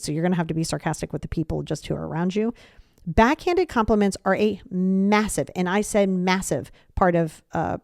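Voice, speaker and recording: A woman's voice: on the low side, a little mellow, no echo, clean studio sound. A woman hosting a self-help podcast, talking casually and animatedly, often acting out other people's voices with sarcasm. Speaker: podcast host. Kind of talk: casual advice talk.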